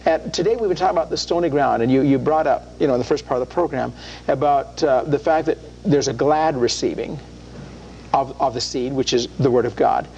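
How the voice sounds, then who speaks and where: A man's voice: medium pitch, brisk, vocal fry, darkish tone, muffled recording, slight background noise. A man hosting a Christian radio program, talking about faith in an earnest preaching style that rises into emphatic questions.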